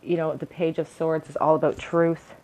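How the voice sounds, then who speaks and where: A woman's voice: low-pitched, level tone, normal speed, a little mellow, rough recording. A young woman giving an encouraging, earnest pick-a-card tarot reading to her viewers. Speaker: tarot reader.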